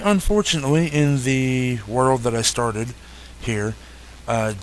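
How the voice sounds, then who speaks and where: A young man narrates a video game walkthrough in a relaxed, easygoing way, pausing often with fillers and correcting himself as he goes. His voice sits at an ordinary pitch, with a faint hum behind it. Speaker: gaming YouTuber. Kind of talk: casual game update walkthrough.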